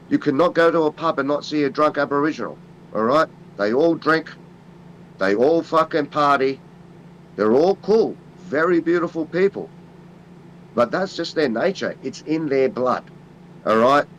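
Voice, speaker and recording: A man's voice: a little high, normal speed, highs cut off, slight background noise. A man with an Australian accent, talking in blunt, rambling casual chat and swearing constantly. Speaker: co-host.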